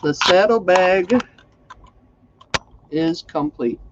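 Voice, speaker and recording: A man's voice: sits high, extremely slow, muffled recording, noisy background. A man hosting a casual crafting livestream, chatty and folksy, greeting viewers by name.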